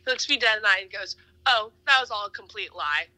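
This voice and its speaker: A woman's voice: mid-range voice, fast, rough recording. A young woman co-hosting a podcast, telling a dating story with lots of laughter and "like" fillers. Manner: laughing, animated, valley-girl fillers. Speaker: podcast co-host. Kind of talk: casual storytelling.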